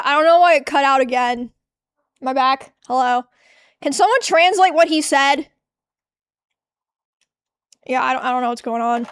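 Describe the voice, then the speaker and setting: A woman streamer with a high voice reacts casually to clips, cursing freely and trailing off mid-thought. She talks at an unhurried pace, and the sound is close and dry with no room echo. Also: fairly bright tone. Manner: exasperated, swears freely, trails off.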